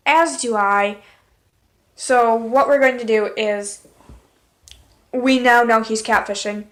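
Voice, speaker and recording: A woman's voice: a little high, a bit bright. A woman vlogger telling a personal story in a candid, exasperated way, with blunt swearing. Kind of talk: casual story time.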